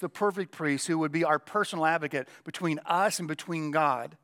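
A middle-aged male pastor preaching a sermon with a strained, cracking voice, emphatic and slowing down to stress key lines. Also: high-pitched, a bit bright. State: voice cracking, throat clearing.

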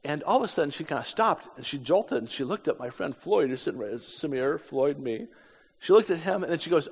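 A man's voice: a little high, very animated, normal speed, breathy edge. A man in his fifties from the United States, telling a story in a sermon with casual, self-deprecating asides. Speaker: preacher. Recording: echoey hall.

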